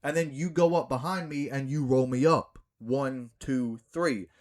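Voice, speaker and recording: A man's voice: medium pitch, a little slow, few pauses. A young man ranting to camera about a wrestling match finish, swearing and acting out the scene in mocking mimicry. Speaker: backyard wrestler. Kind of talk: ranting vlog monologue.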